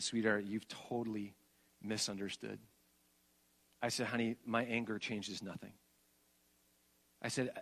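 A middle-aged male pastor preaching a sermon and telling family stories, rising to loud emphatic peaks and dropping to soft, hushed passages. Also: on the low side.

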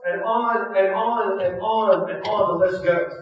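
Pastor, male, high voice, lively storytelling preacher, recorded at a distance in a reverberant hall. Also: measured pace, few pauses, lo-fi sound. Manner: animated, acts out biblical figures with shouted punchlines. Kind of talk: sermon.

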